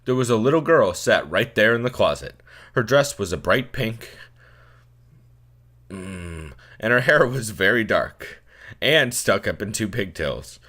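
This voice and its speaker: A man's voice: lowish voice, lively intonation, unhurried, sharp tone. A young man hosting a let's play, reading a text game aloud and joking with lots of swearing. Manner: profane, joking, riffing.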